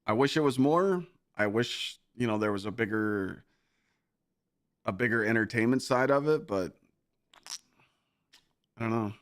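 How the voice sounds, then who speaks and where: A man's voice: fairly low pitch, lively intonation, a little slow, pauses often, dry recording, studio quality. A male game streamer in casual chat with his viewers, laid-back and rambling, with swearing and lots of filler.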